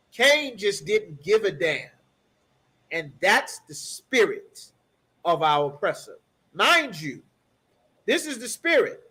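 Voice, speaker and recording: A man's voice: very high voice, sharp tone. A man leading a bible study class, emphatic, repeating key phrases and checking in with listeners. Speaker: scripture class teacher.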